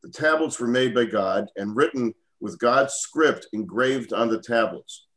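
A man, a student in a class, reading scripture aloud in a steady, plain way. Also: medium pitch, measured pace, low-quality recording.

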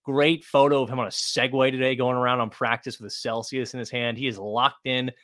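A man co-hosting a sports podcast, chatting casually in an animated, joking way and swearing now and then. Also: medium pitch, fairly quick, no echo, studio quality. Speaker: podcast co-host.

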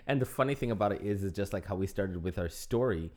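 Lower-voiced man retelling with gusto. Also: animated, fast talker, darkish tone. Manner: enthusiastic, repeats and retells for emphasis. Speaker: podcast co-host. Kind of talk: casual chat.

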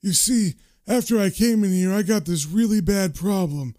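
A man voicing a cheeky, crude old male hospital patient who tells his stories in a raised, lively way. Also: high voice, moderate pace, voice pushed up. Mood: indignant.

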